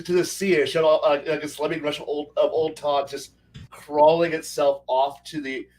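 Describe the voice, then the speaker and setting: A man co-hosting a casual stream chat, rambling excitedly and swearing a lot. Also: on the high side, recorded from a distance, poor audio. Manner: rambling, profane, animated. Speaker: podcast co-host.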